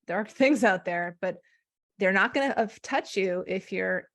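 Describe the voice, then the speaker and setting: A woman guest, a hypnotherapist, telling spiritual stories in a rambling, animated conversational way. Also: mid-range voice, unhurried. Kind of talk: casual conversation.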